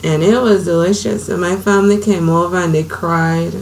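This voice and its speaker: A woman's voice: lowish voice, fairly even intonation, normal speed, slight background noise, low-quality recording. A woman in her thirties telling her own life story to the camera in an earnest, conversational way. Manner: earnest, conversational, drifts softer at times.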